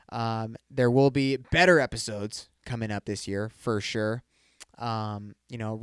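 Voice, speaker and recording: A man's voice: medium pitch, smooth, dry recording, studio quality. Rambling twenty-something man saying "dude". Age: 20s. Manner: rambling, swears a lot, says "dude" often. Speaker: podcast host. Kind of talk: casual solo podcast chat.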